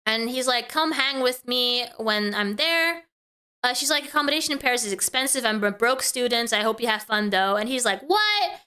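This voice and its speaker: A woman VTuber commentator reading messages aloud and reacting to them, rattling off the quoted lines quickly and breaking off with exasperated exclamations. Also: on the high side, pushed and bright, clean tone.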